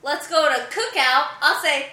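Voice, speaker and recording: High, bright-voiced young woman joking around. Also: unhurried, roomy sound. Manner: giggly, playful, slangy. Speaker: guest. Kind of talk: casual chat.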